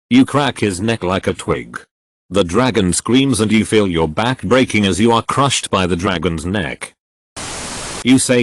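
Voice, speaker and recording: A man reading funny text-adventure stories aloud with deadpan punchline delivery. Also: on the low side, measured pace, no echo. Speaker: narrator.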